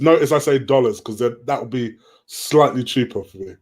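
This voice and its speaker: A man's voice: mid-range voice, sing-song, normal speed, darkish tone, husky. A man hosting a casual live stream, reading viewers' questions aloud and answering them in a chatty way.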